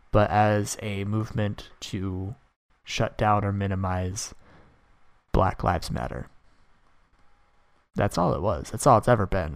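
A young man in his early twenties talks alone on a podcast, opinionated and loose, often restarting his sentences. His voice is low and gravelly with vocal fry, and the sound is dry and close, with no room around it. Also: dry recording. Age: early 20s. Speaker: podcast host. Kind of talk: casual opinion monologue.

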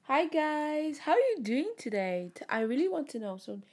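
A woman's voice: high-pitched, big pitch swings, normal speed, over loud music. Tired, chatty young woman. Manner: chatty, upbeat, lots of fillers. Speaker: podcast host. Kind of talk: casual solo podcast chat.

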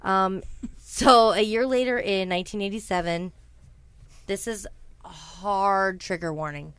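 A woman's voice: medium pitch, fairly even intonation, a little slow, a bit bright, clean tone, no echo. A woman casually telling a true-crime story to a co-host, chatty and blunt, swearing freely, with frequent ums and asides. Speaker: podcast host.

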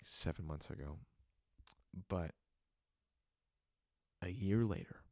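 A young man with a deep, mellow voice and vocal fry hosts a solo podcast where he earnestly and emotionally tells his personal testimony. The studio-quality recording has no echo, and his many fillers accompany a move from joking to reflection.

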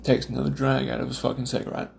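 Man, from Nova Scotia, gravelly fry, profane rambling rant, casual monologue, faint noise. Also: medium pitch, completely flat delivery, rapid-fire, darkish tone. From Nova Scotia, Canada. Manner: profane, rambling, lots of fillers and restarts. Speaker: smoker telling stories.

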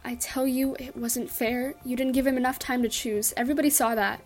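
A woman's voice: high voice, steady tone, fairly quick, faint music behind, close to an everyday voice. A woman reading the part of a frightened village housewife in a story, protesting insistently.

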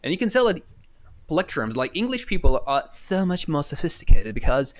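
A man's voice: fairly high pitch, big pitch swings, brisk. A man co-hosting a podcast on a remote call from home, chatting casually and rambling in a self-deprecating way, with many restarts. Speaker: podcast co-host. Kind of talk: casual chat.

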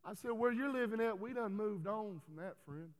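Man, pastor, high voice, folksy sermon, long hall reverb. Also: animated, moderate pace. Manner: folksy, preachy, builds to loud emphatic calls. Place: church hall.

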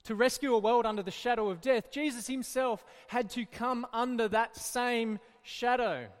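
A man leading a children's Bible talk in church, lively and encouraging as he tells the stories. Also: very high-pitched, moderate pace, in a large hall.

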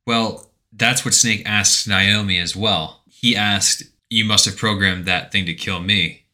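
A man co-hosting a podcast, casually retelling a video game's story and acting out characters' lines in loud put-on voices. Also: on the low side, fairly even intonation, measured pace. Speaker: podcast co-host.

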